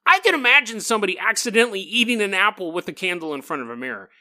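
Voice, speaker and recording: Animated, joking man hosting a podcast. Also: high voice, racing. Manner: animated, joking, self-mocking. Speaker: podcast host. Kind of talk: casual podcast monologue.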